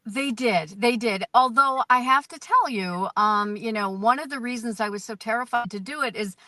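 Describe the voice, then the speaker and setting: An American woman who tells her stories with animated energy and self-deprecating humor, speaking in a fairly high voice. The sound is dry and close, with very little room echo. She is the guest in a casual interview. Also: moderate pace. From United States. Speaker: guest performer. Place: outdoors in a parked car.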